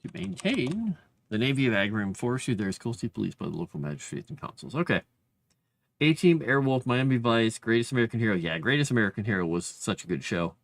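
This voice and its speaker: A man's voice: mid-range voice, very animated, fast talker, gravelly. A man streaming live as he writes fantasy lore, chatting casually and rambling, and reading his drafts aloud under his breath.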